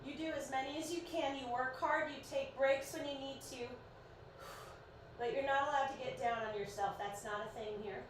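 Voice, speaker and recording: A woman's voice: sits high, steady tone, moderate pace. A woman in her thirties coaching a live-streamed workout, counting reps and cheering people on in a chatty, encouraging way while sounding a bit sleepy. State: sleepy, yawning. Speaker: fitness instructor. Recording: echoey room, voice far from mic, faint noise.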